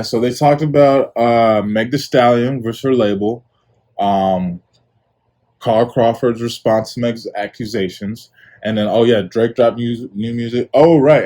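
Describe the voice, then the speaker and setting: In a fairly low, slightly mellow voice, a young podcast host talks on his own show, laid-back and casual. His solo commentary rambles, packed with fillers.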